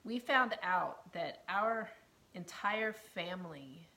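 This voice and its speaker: A woman tells her personal story in an earnest, heartfelt way. Her voice is bright and forceful but sits a little low, and she often sinks into a hushed near-whisper. She laughs softly between phrases. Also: animated, takes it slowly. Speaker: storyteller sharing her testimony.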